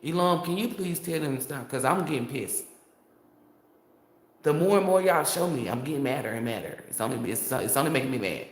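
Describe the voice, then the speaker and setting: A man's voice: mid-range voice, animated, moderate pace. Heated, profane man ranting in an echoey room. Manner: heated, profane, rambling rant. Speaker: tarot reader. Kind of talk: tarot reading monologue.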